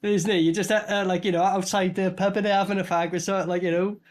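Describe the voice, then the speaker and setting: A man's voice: high voice, quick pace. A young man with a Welsh Valleys accent, commenting casually on a film with lots of laughing and swearing. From Wales. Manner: laughing, swearing, excitable banter. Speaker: film reaction reviewer. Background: film soundtrack playing.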